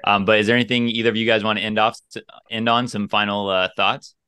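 A man co-hosting a podcast, speaking in a measured way and steering the conversation toward its end. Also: lowish voice, flat delivery, pushed and bright, clear, resonant tone, no echo, studio quality. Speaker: podcast co-host. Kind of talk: casual interview chat.

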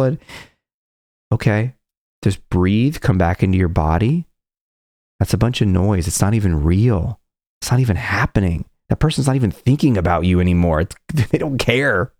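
A man's voice: fairly low pitch, animated, normal speed, a little mellow, dry recording, studio quality. A man giving an earnest motivational talk as a confidence coach, often acting out people's inner voices.

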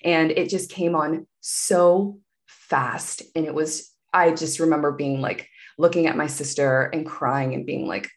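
A woman's voice: sits low, fairly even intonation, measured pace. A woman guest telling a personal story in conversation, candid and meandering, with many asides.

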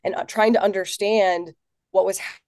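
A woman in her thirties from Tennessee, a political organizer telling her story as a guest in an office, earnest and animated with lots of fillers. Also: mid-range voice, moderate pace, no room sound, studio quality. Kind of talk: casual interview.

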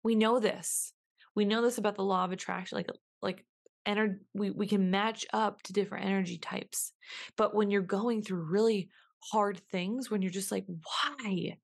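A woman talks through a reflective solo podcast monologue at a middle pitch, musing and circling back over the same questions. Her delivery is unhurried and self-questioning. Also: fairly even intonation, creaky. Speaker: podcast host.

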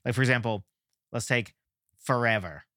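A man's voice: mid-range voice, moderate pace, sharp tone, no echo, clean studio sound. A male podcast host explaining ideas in a casual monologue, thinking aloud with restarts and checking in with "right?".

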